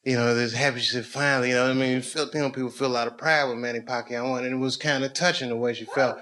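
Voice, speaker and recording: A middle-aged man doing stand-up comedy, telling a story with animated swings between low muttering and loud punchlines, at a live venue with an audience. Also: racing. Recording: live show with crowd noise. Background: audience laughter.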